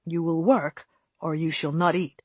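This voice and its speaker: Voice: medium pitch, fairly even intonation, unhurried, breathy edge, dry recording. A narrator voicing a cold, solemn male cult captor who speaks in stiff, formal commands. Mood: commanding.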